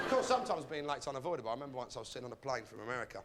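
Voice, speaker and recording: A man hosting a comedy show, telling jokes with a deadpan manner and bursting into shouted put-on voices. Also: mid-range voice, rapid-fire, heavy background noise. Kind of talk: stand-up monologue and interview.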